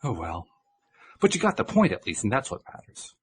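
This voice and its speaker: A man's voice: on the low side, huge pitch swings, brisk, a little hiss or hum. A man reading a book aloud and voicing a patient male spiritual teacher who explains things. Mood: playful.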